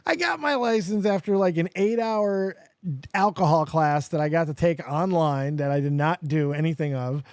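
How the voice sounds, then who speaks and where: A man in his forties from Las Vegas hosting a podcast, telling stories in a profane, animated way. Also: on the high side, normal speed, clean tone, no room sound, clean studio sound. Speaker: podcast host. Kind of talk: casual chat.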